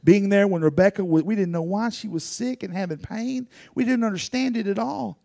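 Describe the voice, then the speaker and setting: A man's voice: high-pitched, brisk, creaky, dark tone, dry recording, studio quality. A man preaching a sermon as pastor, telling personal stories earnestly and rising into fervent pleading.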